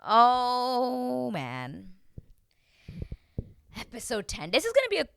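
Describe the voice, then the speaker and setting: A woman's voice: on the high side, takes it slowly, gravelly, clean tone, no echo. A woman chatting casually as a recap vlogger, animatedly acting out quotes from the show. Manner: chatty, animated, acts out quotes in put-on voices. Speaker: reality TV recap host.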